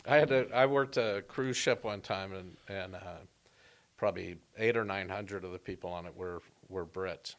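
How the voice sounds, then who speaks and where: Man, comedian, low voice, casual storytelling chat. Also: moderate pace. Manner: storytelling, animated and joking. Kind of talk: casual podcast conversation.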